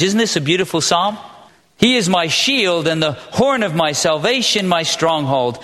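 A man preaching a sermon as pastor, earnest and emphatic, with dramatic pauses. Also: high voice, animated, a bit bright. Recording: long reverb of a large hall.

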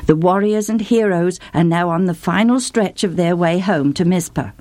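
A woman's voice: fairly low pitch, normal speed, a little mellow, no echo. A woman telling a story with vivid emotion, speaking straight to her listeners. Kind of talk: dramatic story narration.

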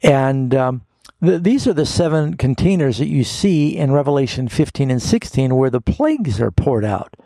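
A male pastor on a call-in radio show, walking listeners through scripture at an unhurried teaching pace. His voice is gravelly and husky, and it is heard dry and close. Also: mid-range voice, expressive, warm tone, no room sound. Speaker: pastor answering Bible questions.

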